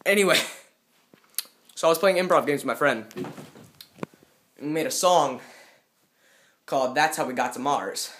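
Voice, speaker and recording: A man's voice: fairly high pitch, measured pace, long pauses, fairly bright tone, a little hiss or hum. A young man rambling goofily in a casual vlog at home, self-aware and jumping between topics, filming on a handheld phone. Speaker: vlogger. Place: at home, indoors.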